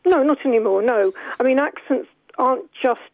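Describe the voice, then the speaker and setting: Gravelly-voiced woman on a tinny phone line. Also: high voice, no echo. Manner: measured, explanatory. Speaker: sociolinguistics professor. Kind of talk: radio phone-in interview. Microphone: telephone.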